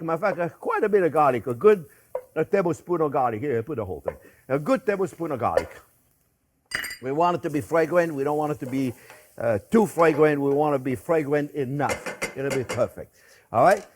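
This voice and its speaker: An older man with a French accent, hosting a casual cooking demonstration in a kitchen, chatty and joking with lots of fillers and restarts. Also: a little high. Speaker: chef and host. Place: home kitchen.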